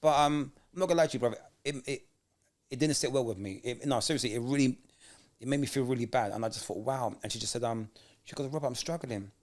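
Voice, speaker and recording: A man co-hosting a casual podcast chat, telling animated stories and acting out what people said. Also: mid-range voice, quick pace. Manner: animated storyteller, acts out quoted voices. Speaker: podcast co-host.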